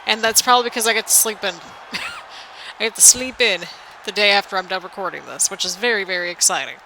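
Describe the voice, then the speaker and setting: A woman's voice: mid-range voice, fast, bright, forceful tone, a little hiss or hum, rough recording. A young woman, a little tired, chatting in a rambling, sing-songy way as she commentates a wrestling video game for her channel. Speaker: gaming channel host.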